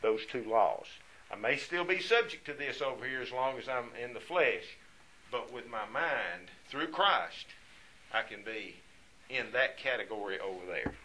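A man's voice: medium pitch, animated, unhurried, sharp tone, slight background noise, rough recording. Earnest man teaching a Bible study. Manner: earnest, rises in volume when reading scripture.

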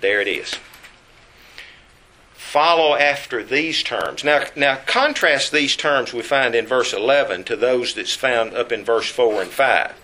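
A man preaching a Bible lesson, emphatic and slowing down to stress key words. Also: mid-range voice, sharp tone, slight background noise.

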